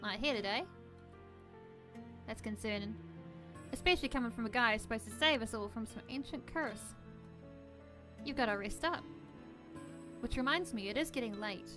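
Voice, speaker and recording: Girl doing a scrappy street-kid guy, teasing and rough, kinda high voice, faint music behind. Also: moderate pace, pauses often, close to an everyday voice. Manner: teasing, rough gutter-snipe drawl. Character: cocky streetwise young man, protective servant.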